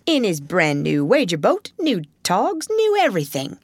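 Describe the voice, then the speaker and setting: A woman voicing a bluff, easygoing male otter in a storybook, gruff and chatty. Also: medium pitch, wildly swooping pitch, moderate pace, no room sound.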